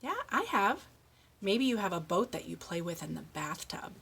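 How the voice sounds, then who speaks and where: A middle-aged woman leading a speech lesson for young children, modeling words slowly with exaggerated endings and steady encouragement. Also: mid-range voice, gravelly, slightly rough. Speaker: speech therapist.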